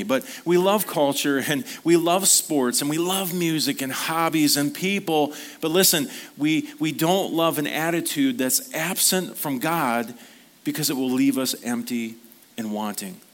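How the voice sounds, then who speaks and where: A man preaching a sermon at a church service, speaking earnestly in a conversational storytelling manner. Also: fairly high pitch. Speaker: pastor.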